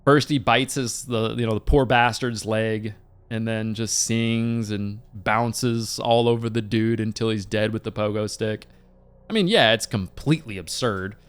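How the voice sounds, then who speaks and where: A man in his thirties hosting a casual movie review, talking in an animated, rambling way with laughing asides. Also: on the low side, a little slow, clear, resonant tone, faint music behind.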